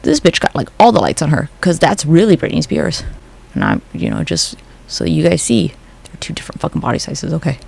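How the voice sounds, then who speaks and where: A vlogger ranting casually over photos, swearing freely and slipping into quick mock quotes, sounding a little bummed. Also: mid-range voice, sing-song, vocal fry, darkish tone, husky. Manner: profane, gossipy, acts out quick mock quotes. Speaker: conspiracy commentary vlogger.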